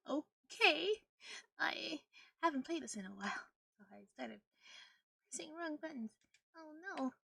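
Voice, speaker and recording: A woman's voice: sits high, gravelly, bright, forceful tone, dry recording. A woman streaming a video game, chatting casually and rambling with frequent laughter. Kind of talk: casual gameplay stream chat.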